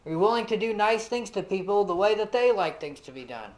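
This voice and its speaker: A man's voice: high-pitched, expressive, fast, low-quality recording. A man teaching a casual Bible lesson, talking conversationally with lots of "you know" and putting questions straight to his listeners. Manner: asks the listeners direct questions.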